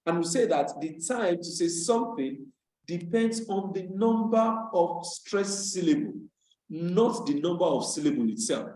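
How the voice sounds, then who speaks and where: A man's voice: a little high, a little mellow, roomy sound, poor audio. A man from Nigeria teaching an English lesson over a video call, patiently explaining and repeating key words for emphasis. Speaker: English tutor.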